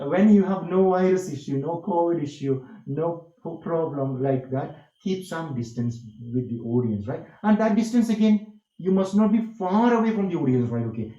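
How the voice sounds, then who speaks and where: Man, workshop lecturer, higher voice, mellow tone, roomy echo. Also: highs cut off. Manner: repetitive, emphatic, rhetorical questions. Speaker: workshop instructor. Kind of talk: online lecture on communication skills. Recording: echoey room.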